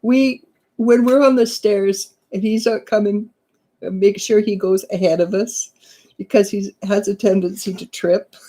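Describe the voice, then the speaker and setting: A middle-aged woman psychic chats through viewer questions in a relaxed, mellow voice. She laughs often and restarts her sentences as she goes. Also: mid-range voice, a little slow. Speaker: psychic reader. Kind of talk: live stream chat, answering viewer comments.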